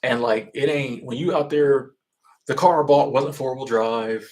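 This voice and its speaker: A man's voice: mid-range voice, unhurried, a little mellow. Rambling, easygoing man chatting. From Florida. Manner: rambling, loose and chatty with frequent restarts. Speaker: livestream host answering chat. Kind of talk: casual livestream chat.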